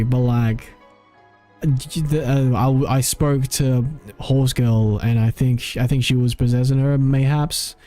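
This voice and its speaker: A man's voice: mid-range voice, steady tone, slow pace, dark tone, faint music behind. A man streaming a video game, rambling in casual commentary, often cutting himself off and laughing at himself.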